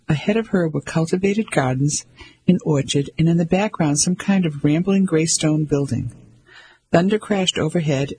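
Male volunteer audiobook reader, husky, steady narration. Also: a little high, poor audio.

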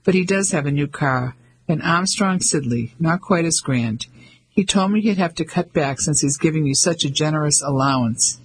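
A man reading the part of a polite, chatty young English gentleman in an audiobook. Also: on the high side, moderate pace, slight background noise, close to an everyday voice. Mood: easygoing. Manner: polite, upper-class, chatty.

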